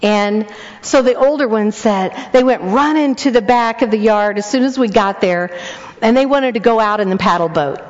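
An older woman tells a family story from the pulpit, acting out each voice with lively energy. Her voice sits a little high. The recording is somewhat dull, with a long echo from a large hall. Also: moderate pace. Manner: animated, acts out the dialogue. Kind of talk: storytelling sermon.

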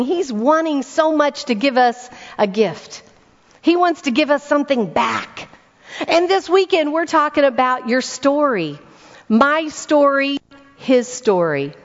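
Woman preaching in an echoing hall. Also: sits high. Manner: storytelling with rhetorical questions to the audience; animated, repeats words for emphasis. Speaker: speaker at a church weekend event. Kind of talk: sermon. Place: church hall before a congregation. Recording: dull recording in a reverberant hall.

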